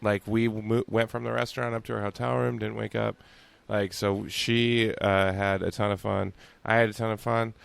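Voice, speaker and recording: A man's voice: fairly low pitch, normal speed, gravelly, smooth. A man co-hosting a casual sports podcast, telling rambling stories with lots of fillers while on vacation and speaking from a hotel room. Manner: relaxed, rambling storytelling with frequent fillers. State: on vacation, upbeat. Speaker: podcast co-host.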